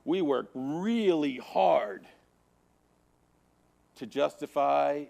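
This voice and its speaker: A man teaching Sunday school, preaching with a repetitive, emphatic cadence and dramatic swings from hushed to loud. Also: medium pitch, lively intonation, moderate pace, gravelly. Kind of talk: Bible teaching to a congregation.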